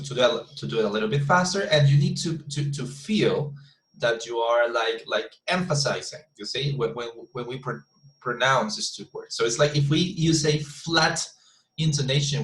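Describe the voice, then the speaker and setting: A man teaches an online English class, often repeating himself and checking in with "you see?" as he explains. His voice sits at a middle pitch. The sound is echoey, as if recorded in a bare room. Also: fairly bright tone. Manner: frequent restarts and "you see?" check-ins.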